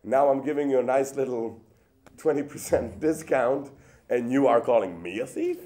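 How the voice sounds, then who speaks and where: A man's voice: mid-range voice, normal speed, warm tone, pitched above the performer's own voice, close to an everyday voice. A man acting out a cheeky, haggling male market seller who bargains in a sing-song way. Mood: mock-offended.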